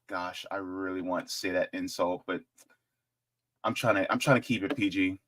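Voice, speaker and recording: A man hosting casual political commentary in an animated, joking way, with chatty asides. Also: sits low, unhurried.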